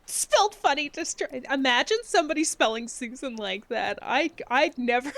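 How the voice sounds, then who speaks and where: A woman streamer chats casually with her live chat, playful and giggly, laughing often and sometimes slipping into quiet, mumbled asides. Her voice is high-pitched and animated, at normal speed.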